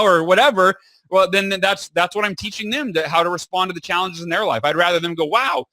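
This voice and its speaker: A man in his thirties, a podcast guest telling a personal story in an animated way and acting out the dialogue. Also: fairly high pitch, no echo. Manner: animated, acts out quoted dialogue. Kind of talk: storytelling in an interview.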